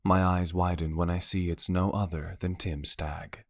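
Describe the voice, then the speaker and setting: A man's voice: low voice, little pitch movement, normal speed, no room sound, clean studio sound. A man narrating a romance audiobook in the first person, with a wry, brooding delivery.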